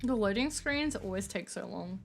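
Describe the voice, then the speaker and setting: A woman's voice: medium pitch, lively intonation, moderate pace, vocal fry, a little hiss or hum. A woman streamer giving casual, chatty, self-deprecating gameplay commentary.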